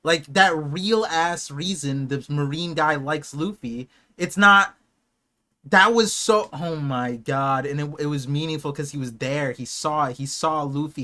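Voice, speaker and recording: A young man streams a live watch party, reacting with excited, emotional outbursts that swing from hushed awe to loud shouts. His voice is fairly high-pitched and a little slow.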